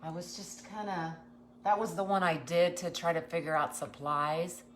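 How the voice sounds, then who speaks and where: A woman's voice: fairly low pitch, steady tone, normal speed, slight background noise. A woman hosting a casual craft livestream, greeting viewers and chatting with many ums and restarts. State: nervous.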